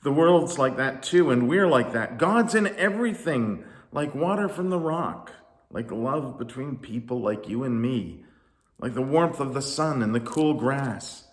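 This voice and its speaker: A man's voice: medium pitch, lively intonation, unhurried, pitched above the performer's own voice, close to an everyday voice. A man doing an exasperated Moses. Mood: insistent. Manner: raised, emphatic and protesting. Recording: roomy echo.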